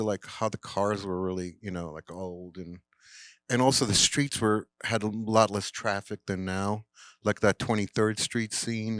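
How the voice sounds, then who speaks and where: A man's voice: lowish voice, a bit bright, dry recording. An older man, a film director, telling a rambling anecdote at a live Q&A with lots of fillers and quoted voices. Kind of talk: casual storytelling in a Q&A. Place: cinema, live Q&A.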